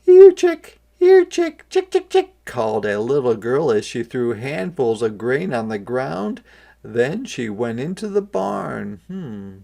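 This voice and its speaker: A kindergarten teacher reading a picture book aloud, adding expressive asides and questions for young listeners. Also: mid-range voice, vocal fry.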